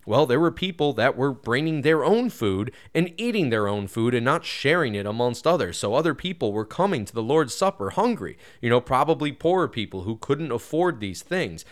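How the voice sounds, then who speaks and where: A man who preaches at a Baptist church gives a casual, earnest Bible lesson. He grows louder and higher when stressing a point. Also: sing-song, moderate pace, hardly any pauses. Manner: casual and earnest, with frequent "you know" fillers. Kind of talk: conversational Bible teaching.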